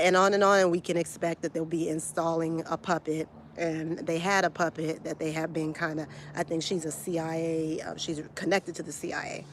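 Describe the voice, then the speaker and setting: A woman's voice: low voice, a little hiss or hum. A woman, delivering a blunt, profane, confrontational rant straight to camera as a vlogger. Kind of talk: heated direct-to-camera rant.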